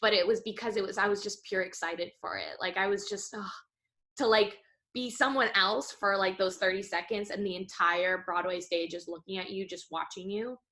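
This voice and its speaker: A young woman in her twenties talks with an excited, tumbling rhythm, restarting her sentences and filling them with little fillers. Her voice is bright and forward, sitting in a middle register for a woman. It sounds like relaxed interview chat. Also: medium pitch, normal speed. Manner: animated, tumbling restarts and frequent "like". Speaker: guest, Broadway performer and dancer.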